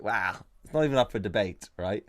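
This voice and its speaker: A man's voice: lowish voice, expressive, a little fast, no room sound, clean studio sound. A man co-hosting a podcast in casual banter, sweary and laughing often. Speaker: podcast co-host.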